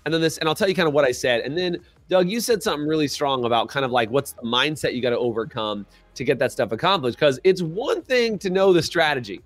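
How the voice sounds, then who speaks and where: A man's voice: on the high side, fast, few pauses, dry recording. A man co-hosting a business coaching podcast, talking animatedly and acting out little dialogues, asking listeners to comment in the chat. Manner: animated, acts out quoted dialogue. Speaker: podcast co-host.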